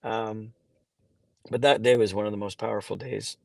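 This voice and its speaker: A man in his forties, a charity founder being interviewed on a podcast, who tells stories haltingly and gets emotional, with many restarts. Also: lowish voice, fairly even intonation, vocal fry, a little mellow, dry recording. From Canada. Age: 40s.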